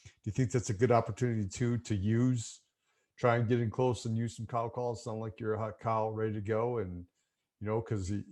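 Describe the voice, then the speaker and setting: Low, mellow-voiced podcast host, a man. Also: steady tone, brisk. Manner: easygoing, chatty, with filler words. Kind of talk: casual podcast conversation.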